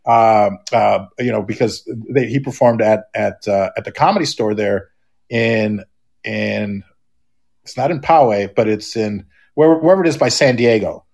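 A man's voice: lowish voice, normal speed, creaky, darkish tone. A middle-aged man, a podcast guest, talking casually and rambling, with many restarts and fillers. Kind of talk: casual chat.

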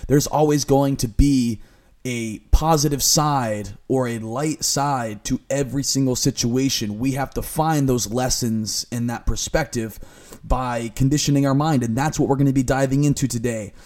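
A man's voice: medium pitch, moderate pace, a little mellow. A young man hosting his own podcast, talking earnestly in an upbeat coaching way as a lifestyle coach. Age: young adult. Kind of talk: solo motivational podcast talk. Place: Florida.

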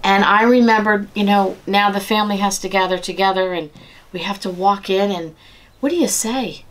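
A middle-aged woman giving a personal devotional talk, earnest and conversational, slowing down and softening when she repeats scripture. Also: medium pitch. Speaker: devotional speaker.

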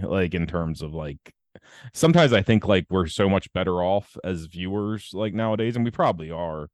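A man's voice: on the low side, no echo, studio quality. A man hosting a podcast in casual chat, rambling and profane with many fillers. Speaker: podcast host.

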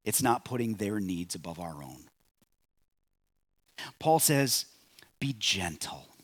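Slow, lively-pitched preaching man. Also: no room sound. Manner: measured preaching, swells on key phrases and drops soft at line ends. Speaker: pastor. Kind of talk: sermon.

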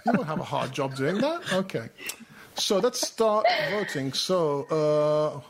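A woman's voice: sits low, big pitch swings, a little slow, over a noisy crowd. A woman hosting a casual online panel chat, tallying votes and saying "okie dokie" often. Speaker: panel show host.

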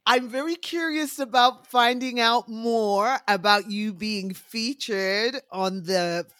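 A woman's voice: a little high, takes it slowly, fairly bright tone, smooth, no room sound, studio quality. A woman interviewing a chef, chatty and enthusiastic about food. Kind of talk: casual interview.

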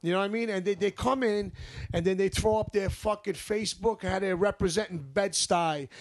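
A young man with a New York accent, talking in a casual chat and heating up into profane rants. His voice sits notably high for a man. He swears freely and pushes his points hard. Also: a little fast. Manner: profane, heated ranting. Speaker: podcast co-host.

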